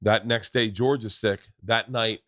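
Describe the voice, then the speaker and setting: A middle-aged man hosting a podcast, telling stories in a loud, laughing, profane way. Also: lowish voice, steady tone, a little slow, dry recording, clean studio sound. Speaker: podcast host. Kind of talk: casual chat and storytelling.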